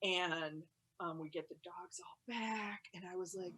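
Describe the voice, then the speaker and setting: A woman doing stand-up from home over a video call, rambling and chatty with lots of "like", breaking into loud yelled quotes. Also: fairly low pitch, measured pace, slight background noise. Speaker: stand-up comedian.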